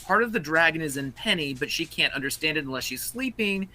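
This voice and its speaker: A man playing in a tabletop game, recapping events in a casual, hurried way. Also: fairly high pitch, expressive, sharp tone, soft background music. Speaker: player.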